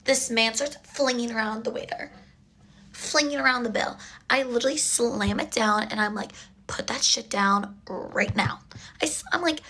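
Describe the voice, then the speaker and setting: A woman's voice: a bit bright, husky. Chatty young woman telling a story. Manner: chatty, exasperated, drops into a low mutter for asides. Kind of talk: casual storytime while getting ready.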